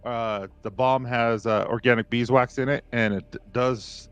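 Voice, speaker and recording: A man's voice: medium pitch, steady tone, normal speed, clear, resonant tone, soft background music. A man hosting a casual livestream, chatty and joking as he runs giveaways. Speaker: livestream host.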